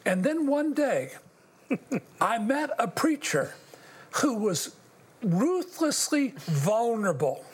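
Older male guest, husky tone, earnest and halting, testimony-style storytelling. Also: very high-pitched. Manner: earnest, halting, with long pauses. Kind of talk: personal testimony in an interview.

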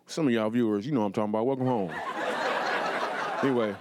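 A man doing stand-up comedy storytelling in a TV studio, animated and playful, with quick asides to the audience. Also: on the low side, heavy background noise. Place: television studio before a live audience.

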